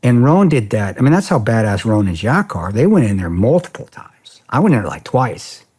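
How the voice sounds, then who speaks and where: A man being interviewed on a podcast, telling a story in a casual, animated way, swearing often and saying "man" a lot. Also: mid-range voice, moderate pace, breathy edge. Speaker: podcast guest, former soldier.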